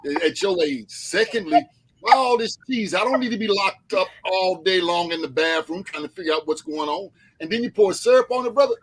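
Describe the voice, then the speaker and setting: Husky high-pitched joking man. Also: brisk. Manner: joking, animated storytelling. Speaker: panel guest. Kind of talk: comedic chat.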